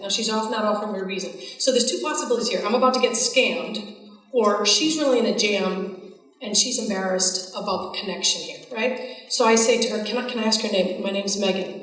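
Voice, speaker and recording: A woman giving a keynote talk, an animated, self-mocking storyteller who acts out the dialogue. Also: medium pitch, fast talker. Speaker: keynote speaker. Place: large hall with audience. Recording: echoey hall from far off.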